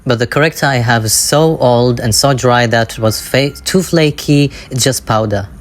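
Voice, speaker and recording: A man's voice: medium pitch, normal speed. A man chatting playfully and cheekily about his crafts at home, rambling as he works. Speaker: craft vlogger. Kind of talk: casual chatty narration over crafting.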